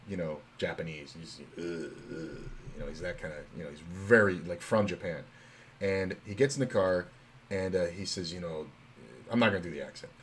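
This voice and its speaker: Guy w a low voice just chatting on his stream, rambly, says uh a lot, swears casually. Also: slight background noise. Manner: loose and rambling, heavy on fillers and swearing. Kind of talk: casual live-stream chat and storytelling.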